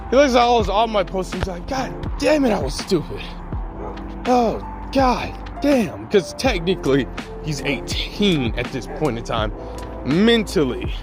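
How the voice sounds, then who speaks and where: A man casually improvising a fan-fiction story in slangy, rambling talk full of asides. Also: high voice.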